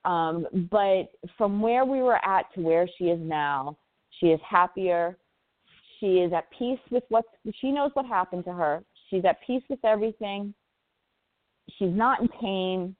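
A woman's voice: medium pitch, lively intonation, unhurried, dry recording. A woman in her forties, a parent telling her story as a radio interview guest, earnest and impassioned, often repeating words for emphasis. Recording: tinny phone line, dry.

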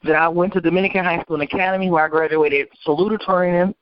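A woman attorney from Michigan telling her life story as an interview guest, animated and acting out the people she quotes. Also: lowish voice, fast, no echo. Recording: dull, dry lo-fi recording.

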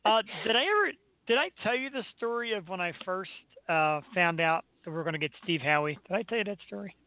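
High-voiced male radio host on a tinny line. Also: quick pace. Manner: animated storyteller, playful voices in anecdotes. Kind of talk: casual radio banter.

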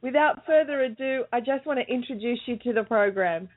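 Higher-voiced woman host on a phone line. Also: fairly quick. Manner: warmly praising, asks long questions. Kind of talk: casual interview chat.

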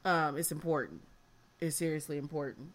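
This is a frank, blunt woman in her fifties hosting a casual podcast chat. Her voice sits a little low. She swears freely and sounds emotional, close to tears. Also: brisk. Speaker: podcast host.

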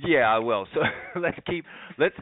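A man's voice: medium pitch, lively intonation, a little slow, a little hiss or hum. A man co-hosting a sports talk show, teasing his partner in a joking way. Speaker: co-host. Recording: dry, phone-like line.

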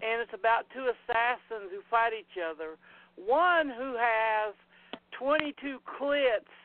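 A man's voice: very high voice, slow pace, no room sound. A man hosting a casual podcast chat, rambling through crude plot summaries. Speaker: podcast host. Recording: tinny phone-like line.

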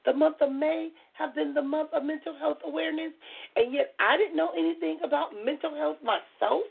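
A middle-aged woman with a hoarse voice hosts a call-in radio show, chatty and earnest as she tries to keep her voice soft. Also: high-pitched, steady tone, a little fast. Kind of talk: call-in talk radio monologue. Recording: tinny phone-line audio.

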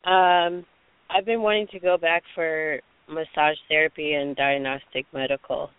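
A woman's voice: deep voice, steady tone, unhurried, clear, resonant tone, no room sound. A woman calling in to a radio show, hesitant and polite. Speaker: caller. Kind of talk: call-in chat. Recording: tinny phone line, dry.

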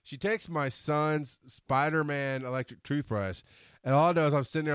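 A man hosting a podcast, telling a story in a casual monologue, animated and quick to laugh as he acts out scenes. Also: on the high side, clear, resonant tone, dry recording, clean studio sound. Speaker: podcast host.

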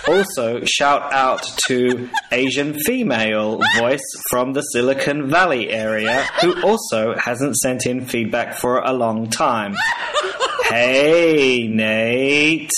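A man's voice: mid-range voice, takes it slowly, very noisy, close to an everyday voice. A man putting on a mock-formal Australian Siri assistant voice in a joking voicemail. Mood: deadpan teasing. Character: cheeky male Siri assistant voice. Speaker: listener voicemail caller.

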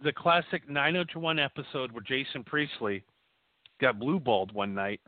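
A man's voice: medium pitch, normal speed, no echo. A man co-hosting a casual chat, ranting with crude jokes. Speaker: podcast co-host. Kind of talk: casual profane banter. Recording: dry tinny phone-like audio.

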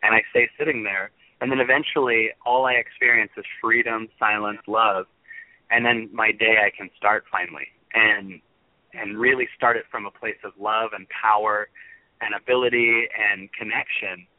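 A man's voice: fairly low pitch, steady tone, moderate pace, dry recording. Man, radio guest, earnest rambling talk, phone-line sound, dry.

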